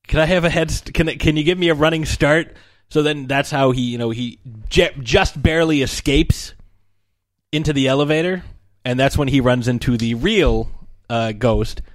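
A man's voice: mid-range voice, no room sound. Man rambling through a movie plot. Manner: rambling plot recap, acts out lines. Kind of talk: casual movie discussion.

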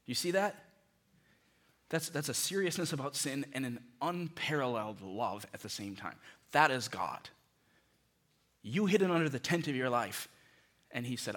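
A man's voice: medium pitch, lively intonation, moderate pace, pauses often. Pleading male pastor preaching a sermon. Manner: pleading, swings from loud to hushed.

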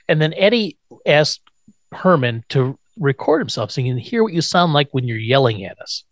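A man with a fairly high voice talks through a TV episode in a loose, casual podcast chat. He walks through each scene in turn and chuckles often. The sound is close and dry. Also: expressive, brisk, no room sound. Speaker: podcast co-host.

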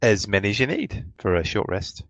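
A man's voice: on the low side, very animated, fairly quick, no room sound, low-quality recording. A man narrating as game master of a tabletop game. He hesitates often and fills his speech with ums and uhs.

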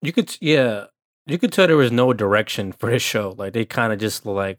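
A man's voice: lowish voice, normal speed, no echo, clean studio sound. A young man co-hosting a casual podcast, joking and laughing often. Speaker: podcast co-host. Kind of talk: casual chat.

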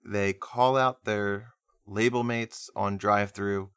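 A man's voice: fairly low pitch, steady tone, takes it slowly, a bit bright, clean tone, no room sound, clean studio sound. A man co-hosting a music podcast, chatting casually with a nasal voice, rambling and laughing easily. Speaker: podcast co-host.

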